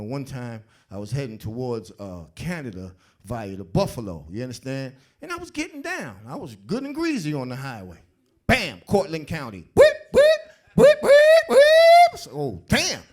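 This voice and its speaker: A man doing stand-up comedy on a club stage, telling stories in an animated, streetwise way. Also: mid-range voice. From South Bronx, New York.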